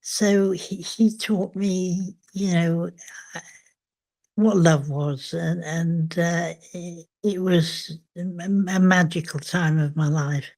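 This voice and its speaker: An older woman, a memoir author, speaking reflectively in an interview, thoughtful and hesitant with frequent pauses. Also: fairly low pitch, steady tone, a little mellow.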